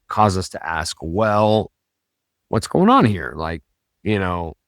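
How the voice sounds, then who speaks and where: A man's voice: deep voice, no echo, clean studio sound. A man hosting a podcast, talking in a casual, rambling way with many fillers and self-corrections. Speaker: podcast host.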